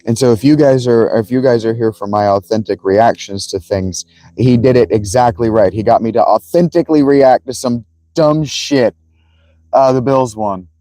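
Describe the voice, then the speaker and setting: A man hosting a casual livestream, telling a rambling, profane, animated story to his viewers. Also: medium pitch, moderate pace, no echo, poor audio. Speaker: livestream host.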